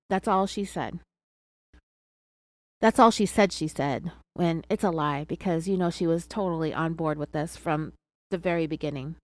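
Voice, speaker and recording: A woman's voice: fairly low pitch, a little slow, no room sound. Woman hosting a true crime podcast, snarky side comments, dry close sound. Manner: sarcastic asides. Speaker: podcast host.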